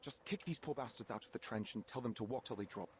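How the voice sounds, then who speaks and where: An actor voicing a steady, wary army captain with a calm, deliberate delivery. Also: male voice, medium pitch, breathy edge.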